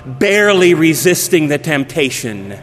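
Slow high-voiced man preaching in a hall. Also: very animated, slight background noise. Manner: measured, dropping to a hushed voice at phrase ends. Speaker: pastor. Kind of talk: sermon storytelling. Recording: long reverb of a large hall.

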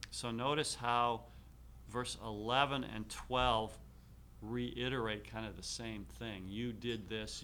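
A man teaching a class, reading slowly and deliberately with frequent fillers. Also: medium pitch, sharp tone. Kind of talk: classroom lecture.

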